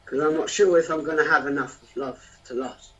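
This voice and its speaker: A man's voice: on the high side, fairly even intonation, a little fast, fairly bright tone. A man performing spoken word poetry in a rhythmic, rhyming, emotional delivery. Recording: distant, dull lo-fi sound.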